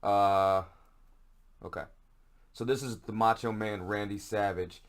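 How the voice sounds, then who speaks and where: A man's voice: fairly low pitch, steady tone, measured pace. A man hosting a casual solo podcast, ranting in a profane, sarcastic and rambling way. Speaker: podcast host.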